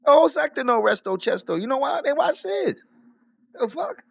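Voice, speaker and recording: A man's voice: extremely high pitch, very animated, normal speed, vocal fry, no room sound. A man ranting boastfully on a live stream, swearing freely and laughing often. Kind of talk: casual livestream rant.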